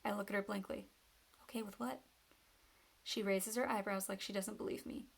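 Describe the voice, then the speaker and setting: A woman reading a novel aloud in steady first-person storytelling. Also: medium pitch, fast talker, vocal fry. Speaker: reader.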